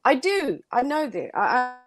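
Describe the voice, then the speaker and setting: A woman with a London accent, a panelist on a talk show, firing back quick feisty comebacks in casual banter. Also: high-pitched, sing-song.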